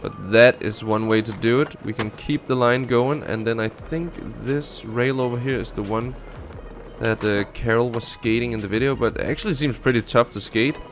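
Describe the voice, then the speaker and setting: A man's voice: mid-range voice, moderate pace. A man hosting a gaming channel, giving casual commentary and thinking aloud as he plays, with faint background music. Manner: relaxed, thinking aloud while playing.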